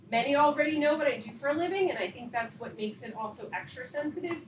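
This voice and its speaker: A high-voiced middle-aged woman speaks out at a school board podium, emotional and confrontational. She is picked up from a distance in a reverberant meeting room, with a steady layer of hiss and room noise underneath. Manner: emotional, confrontational, rising intensity. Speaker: parent at public comment. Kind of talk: public comment at a board meeting.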